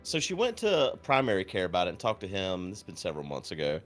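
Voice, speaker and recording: A man streaming and chatting casually, telling a story in a deadpan way with lots of swearing, acting out quotes. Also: sits low, quick pace, faint music behind. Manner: profane, deadpan. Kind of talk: casual chat.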